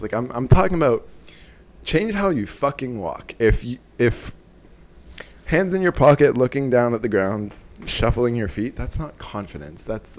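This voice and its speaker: A young man talking casually to camera, giving energetic motivational advice and swearing for emphasis. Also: mid-range voice. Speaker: self-help vlogger.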